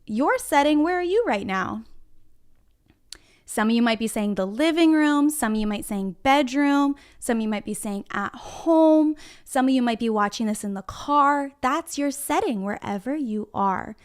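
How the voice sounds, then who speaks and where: A woman's voice: high-pitched, expressive, moderate pace, smooth. A woman teaching a reading lesson to young children from her classroom, speaking encouragingly and directly to them. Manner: encouraging, talks straight to the children. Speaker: kindergarten teacher.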